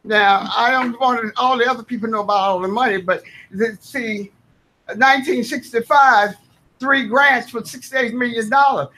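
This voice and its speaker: A woman's voice: fairly high pitch, moderate pace, bright, forceful tone. A woman, speaking as a tenant during public comment at a board meeting, earnest, folksy and insistent. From Southern United States.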